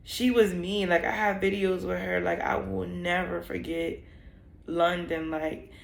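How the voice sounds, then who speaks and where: A woman's voice: fairly low pitch, level tone, unhurried, creaky, roomy sound. A young woman telling a personal story in a vlog, candid and emotional, rambling with many fillers. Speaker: vlogger.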